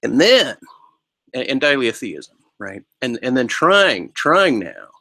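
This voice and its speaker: A man's voice: mid-range voice, big pitch swings, sharp tone, no room sound. A man thinking aloud in a rambling philosophical monologue. He halts often, restarts his sentences and keeps asking "right?". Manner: halting and musing, many restarts; ends phrases with a questioning "right?". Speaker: solo vlogger.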